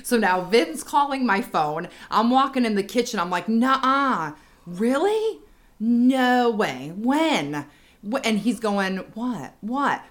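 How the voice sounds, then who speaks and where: Bright-voiced woman telling a story. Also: mid-range voice. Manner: animated, laughing while telling a story. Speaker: podcast co-host. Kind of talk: casual storytelling chat.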